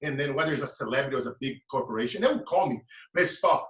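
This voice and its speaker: A man's voice: medium pitch, expressive, very fast, fairly bright tone. A man, giving a preaching, emphatic motivational talk as a guest speaker. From Brazil. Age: late 30s. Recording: echoey room, mic at a distance.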